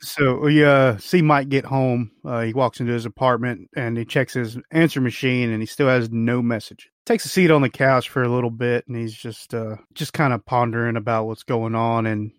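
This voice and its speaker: A man's voice: medium pitch, steady tone, normal speed, few pauses, dry recording, clean studio sound. A man co-hosting a podcast, recapping a film in easygoing chat, chuckling and saying "you know" often. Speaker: podcast co-host.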